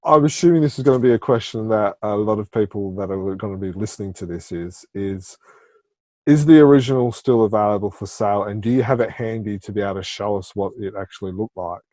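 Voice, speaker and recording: A man's voice: fairly low pitch, steady tone, fast, hardly any pauses, dry recording. A man co-hosting a podcast in casual chat, asking long, rambling questions that restart as he goes. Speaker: podcast co-host.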